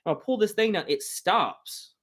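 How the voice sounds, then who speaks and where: A man telling a funny personal story to a live audience, animated and self-mocking. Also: high-pitched, normal speed, breathy edge. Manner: animated, self-mocking, acts out loud quoted lines.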